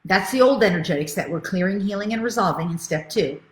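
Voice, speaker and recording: A woman's voice: mid-range voice, quick pace, roomy sound. A middle-aged woman spiritual coach teaching a live webinar, enthusiastic and reading out viewer comments as she goes.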